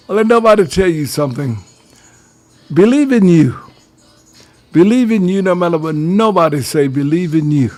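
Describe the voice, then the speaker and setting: Gravelly older man preaching. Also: fairly high pitch, a little mellow. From Georgia, US. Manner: preachy, advice-giving, addresses listeners as fellas. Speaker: radio show host. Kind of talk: talk radio monologue.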